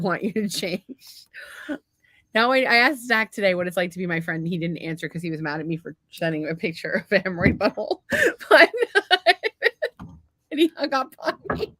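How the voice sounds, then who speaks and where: A woman with a fairly low, slightly bright voice co-hosts a podcast with her husband, speaking briskly. She banters brashly, teases him, and often bursts out laughing, in a dry, studio-quality recording.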